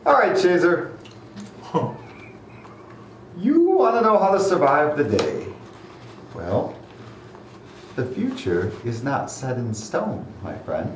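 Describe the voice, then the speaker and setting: A man's voice: on the high side, huge pitch swings, slow, long pauses, slight background noise, voice pushed up, full character voice. A man voicing a playful male trickster god who gives teasing, casual advice. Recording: echoey room, mic at a distance.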